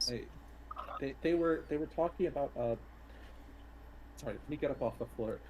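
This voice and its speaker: A man's voice: medium pitch, normal speed, background noise. A man playing in a tabletop game, chatting casually in a joking, self-deprecating way. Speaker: player.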